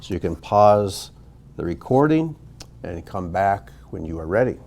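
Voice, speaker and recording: A man's voice: low voice, sing-song, unhurried, darkish tone. A man teaching a recorded Hebrew reading lesson, explaining patiently with fillers and small self-corrections.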